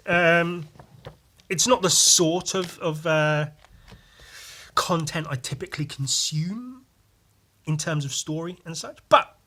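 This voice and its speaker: Podcast guy with a sharp bright voice, casual, swears a lot while retelling stuff. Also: a little high. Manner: swears freely, animated retelling with exclamations. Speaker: podcast host. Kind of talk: casual comic review chat.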